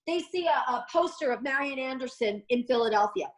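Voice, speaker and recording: A woman's voice: sits high, animated, brisk, rough recording. A woman commentator, a guest in a conversation, making her points in an emphatic, impassioned way. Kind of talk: passionate conversation.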